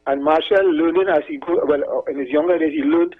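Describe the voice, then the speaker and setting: Husky high-voiced caller on phone. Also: male voice, fast. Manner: rambling, repeats words, tells anecdotes. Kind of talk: casual call-in chat. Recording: tinny phone line.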